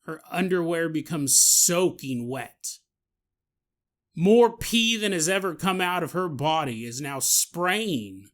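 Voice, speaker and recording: Animated, jokey male podcast storyteller. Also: on the high side, slow. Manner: animated, jokey, laughs at his own asides. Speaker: podcast host. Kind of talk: comedic storytelling narration.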